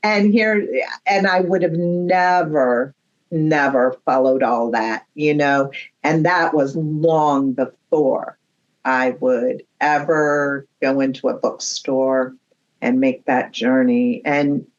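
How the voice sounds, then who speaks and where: A woman's voice: low-pitched, slow, lo-fi sound. A woman appearing as a guest medium, telling anecdotes in casual chat and acting out the dialogue as she goes. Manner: animated anecdotes, acts out dialogue.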